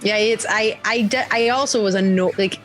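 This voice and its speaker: A woman's voice: mid-range voice, normal speed, soft background music. A young woman chatting casually on a podcast, telling stories animatedly and acting out quotes with laughter. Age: young adult. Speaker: podcast guest. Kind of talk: casual chat.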